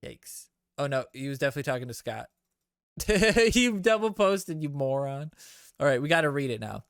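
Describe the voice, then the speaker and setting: A man's voice: a little high, expressive, normal speed, vocal fry, a bit bright, dry recording, clean studio sound. A man hosting a game stream, chatting casually and reading viewer comments with loose, profane jokes. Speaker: streamer host.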